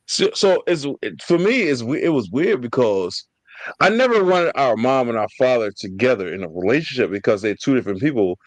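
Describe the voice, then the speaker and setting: Animated, profane man telling stories. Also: medium pitch, fairly quick, no echo, low-quality recording. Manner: animated storytelling, slangy and profane. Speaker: podcast host. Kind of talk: casual family storytelling.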